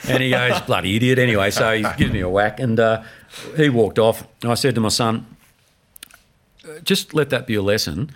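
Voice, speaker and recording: Aussie guy telling footy stories, animated, does the voices. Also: lowish voice, moderate pace. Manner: animated anecdote-telling, mimics voices in quotes. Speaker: podcast guest. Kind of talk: casual storytelling.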